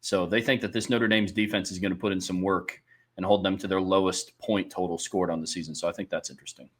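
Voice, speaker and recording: A man's voice: low-pitched, fairly even intonation, fast. A man co-hosting a sports podcast, thinking aloud and weighing both sides in casual talk. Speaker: podcast co-host.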